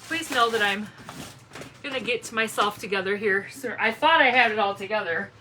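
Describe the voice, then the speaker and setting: Chatty lady crafting live, bright voice, says hi to everyone by name, sits back from the mic. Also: medium pitch, moderate pace, distant mic, slight background noise, rough recording. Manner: chatty, friendly, greets viewers by name. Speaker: craft livestream host. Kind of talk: casual live craft stream chat.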